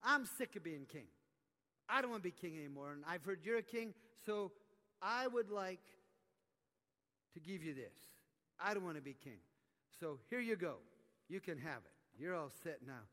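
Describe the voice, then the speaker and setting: A man's voice: high voice, lively intonation, normal speed, pauses often, sharp tone. A man voicing a weary little king who is sick of ruling, in a pleading, exasperated way, within a live sermon. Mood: anxious. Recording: echoey live conference hall.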